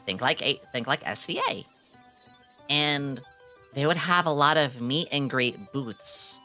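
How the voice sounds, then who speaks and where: A young adult woman streaming a casual chat, excitable and giggly, swearing freely and reading her chat aloud. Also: very deep voice, unhurried, faint music behind. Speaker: VTuber streamer.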